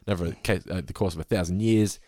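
A man's voice: sits low, fast, a little mellow, dry recording, studio quality. A man hosting a podcast, casually chatting and recapping an episode with frequent laughs. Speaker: podcast co-host.

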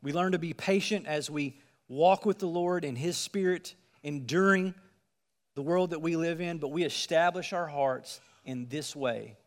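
A man's voice: on the high side, unhurried, big-room sound. A man preaching a sermon, reading scripture and explaining it in an earnest, emphatic way, asking the listeners direct questions.

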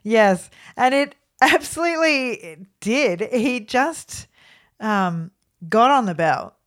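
A woman co-hosting a casual sports podcast, chatty and quick to laugh, often trailing off with fillers. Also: fairly high pitch, lively intonation, fairly bright tone. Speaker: podcast co-host.

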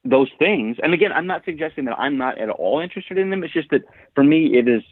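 A man's voice: a little high, expressive, fast, slightly rough, no echo. A man co-hosting a podcast in casual chat, thoughtful and hesitant, often restarting his sentences. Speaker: podcast co-host. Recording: tinny phone-like line.

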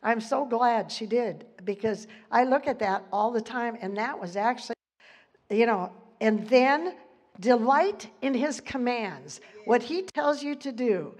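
A woman's voice: a little high, animated, measured pace, a little mellow. A woman giving an informal, chatty sermon, laughing often and losing her place in the text, leaning hard on key words. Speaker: preacher.

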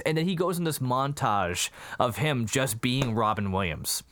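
Animated man recapping a movie. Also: normal speed, slight background noise. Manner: animated storyteller, acts out quotes with jumpy pitch. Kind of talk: casual chat recapping a movie.

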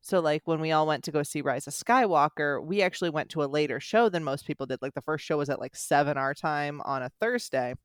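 A young American speaker in their twenties tells stories in casual podcast chat, talking fast and with a lot of energy. They often stumble and restart mid-sentence at a middling pitch. The sound is dry and close, with no room echo. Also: smooth. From United States. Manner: quick, animated storytelling with many restarts.

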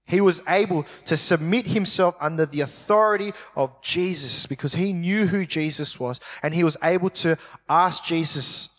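Emphatic preacher in a reverberant hall. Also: male voice, fairly high pitch, a bit bright. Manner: emphatic, slows down to stress key words. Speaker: pastor. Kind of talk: sermon. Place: church hall.

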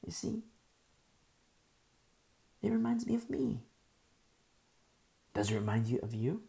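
A middle-aged woman takes her time teaching a conversational Bible study sermon, her fairly low voice carrying vocal fry. When she gets excited she stammers, and she often repeats the main phrases.

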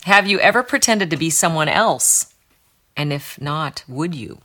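A woman hosts a casual interview, putting playful questions to her guests. Her voice sits low for a woman. The pitch rises and falls in a lively way. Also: unhurried. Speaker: host.

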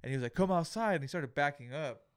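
A young man from California tells a story on a podcast with lots of swearing and plenty of life, voicing each person he talks about. His voice sits at an ordinary male pitch. The recording is close and dry, with no room sound. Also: very fast, clean tone, no room sound. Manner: animated, profane storytelling, acts out the people in the story. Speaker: podcast co-host. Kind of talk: casual storytelling chat.

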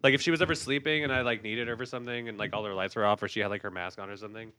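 A man's voice: lowish voice, fairly even intonation, rapid-fire, pushed and bright, no room sound. Laid-back young man chatting. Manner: laid-back, lots of fillers and laughs. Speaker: podcast co-host. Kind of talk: casual chat.

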